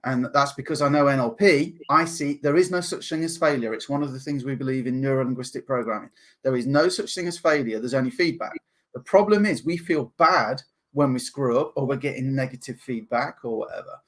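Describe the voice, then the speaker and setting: An English man talking as a podcast guest, animated and laughing often as he acts out other people's voices. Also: mid-range voice, brisk. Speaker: guest, NLP practitioner. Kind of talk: podcast interview.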